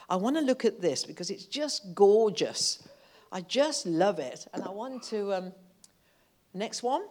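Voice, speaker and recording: Lively-voiced woman preaching. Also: mid-range voice. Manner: impassioned, rising to fervent outbursts. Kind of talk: sermon. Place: church.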